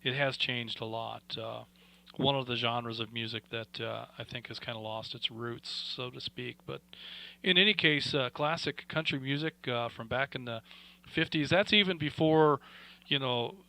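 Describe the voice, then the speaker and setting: A man's voice: mid-range voice, moderate pace, gravelly, bright, forceful tone, rough recording. A man hosting a radio net, chatting in a folksy, friendly way with many fillers. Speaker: radio net control host. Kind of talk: casual radio net chat.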